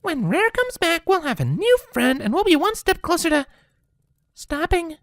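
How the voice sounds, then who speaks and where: A woman's voice: extremely high pitch, sing-song, normal speed, dry recording, clean studio sound. A woman voicing a bubbly, chirpy female party pony in a fan audiobook. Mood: soothing. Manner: chirpy, bouncy.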